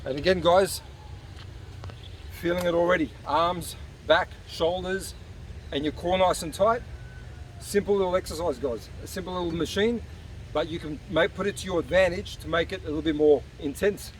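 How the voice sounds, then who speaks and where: A man's voice: sits high, moderate pace. A man, coaching viewers through an outdoor workout while slightly out of breath, encouraging as he exercises. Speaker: fitness coach. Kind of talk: casual workout demonstration. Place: outdoor beach park. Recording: distant outdoor mic with traffic noise.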